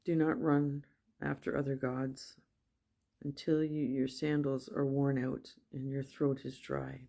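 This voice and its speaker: A woman reading scripture aloud at a steady pace, with small slips and self-corrections. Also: very deep voice, measured pace, vocal fry. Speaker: Bible reader.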